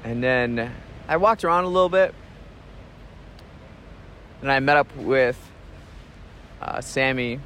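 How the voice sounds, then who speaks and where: A man talking in a casual spoken travel diary, relaxed and reflective, rambling with restarts and soft chuckles. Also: mid-range voice, takes it slowly, pauses often, a little hiss or hum. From United States. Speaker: podcast host.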